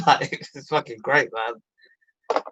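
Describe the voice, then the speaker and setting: A British man guesting on a stream, chatting casually in an animated, enthusiastic way with plenty of swearing. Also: mid-range voice, very slow, breathy edge, lo-fi sound. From United Kingdom. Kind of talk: casual chat.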